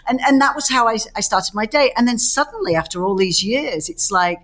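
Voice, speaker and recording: With a fairly high pitch, she talks briskly and leaves few pauses. This middle-aged podcast co-host tells animated stories in a relaxed chat, performing the quotes and frequently starting over mid-thought.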